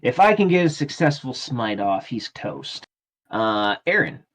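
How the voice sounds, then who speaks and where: A man's voice: medium pitch, big pitch swings, measured pace, a bit bright. Casual man running a tabletop game. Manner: casual, many filler uhs. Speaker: game master. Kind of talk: explaining rules in a tabletop game stream.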